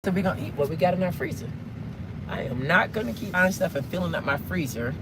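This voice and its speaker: Fast and animated with a fairly low-pitched voice, a Southern US woman vlogs live from inside a car in traffic. She rambles casually to viewers while driving and asks them occasional questions, with road noise clearly heard in the background.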